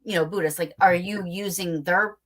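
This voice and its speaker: A woman hosts an interview in a loose, chatty manner, full of fillers and restarts. Her voice sits on the low side for a woman. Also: steady tone, moderate pace, a bit bright. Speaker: podcast host. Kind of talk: casual interview chat.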